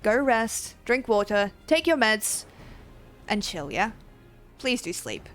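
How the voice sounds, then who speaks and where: A woman's voice: on the high side, big pitch swings, slow pace, a bit bright, faint music behind. A young woman streaming a game, chatting casually and rambling with frequent giggles. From Australia. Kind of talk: casual livestream chat.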